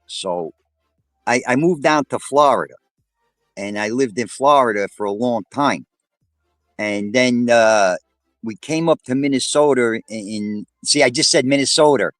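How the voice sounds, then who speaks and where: A sixty-something man with a New York accent, chatting loosely on a livestream panel. He rambles from one thought to the next and drops swear words freely. His voice sits at a middle pitch and sounds dry and close, with no room around it. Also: measured pace, dry recording, soft background music. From Brooklyn, New York. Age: 60s. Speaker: panel guest. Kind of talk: casual chat on a livestream.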